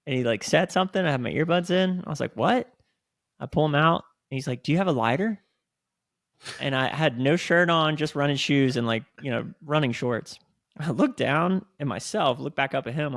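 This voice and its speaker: A man co-hosting a podcast, chatting casually and telling animated stories with some swearing. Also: medium pitch, gravelly, no echo, clean studio sound. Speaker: podcast co-host. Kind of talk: casual chat.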